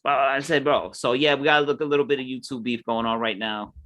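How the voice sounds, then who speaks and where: Bright-voiced New man ranting. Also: medium pitch, fairly even intonation, fast talker. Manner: heated ranting, mimics others. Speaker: podcast co-host. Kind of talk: casual chat.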